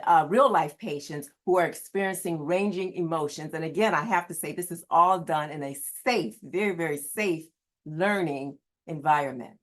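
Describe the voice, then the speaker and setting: A woman who works as a standardized patient, giving an earnest, emphatic prepared presentation. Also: lowish voice. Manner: earnest, emphatic, repeats key words.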